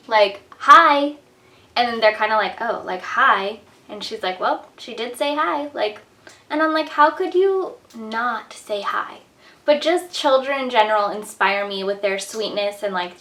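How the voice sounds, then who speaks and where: A woman's voice: medium pitch, a bit bright. A young woman vlogger talking casually to the camera, chatty and full of "like" and "um". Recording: echoey room, mic at a distance.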